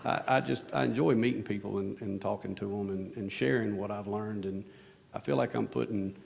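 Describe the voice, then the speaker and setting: A man with a very gravelly, low voice tells stories on a conference stage. He talks in loose, rambling runs full of "you know" and jokes at his own expense. The long ring of a large hall follows his words. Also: fairly even intonation, fairly quick, a little mellow. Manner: rambling, self-deprecating, lots of restarts and "you know". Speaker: conference speaker, operations executive. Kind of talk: casual storytelling on stage. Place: conference hall stage under bright lights.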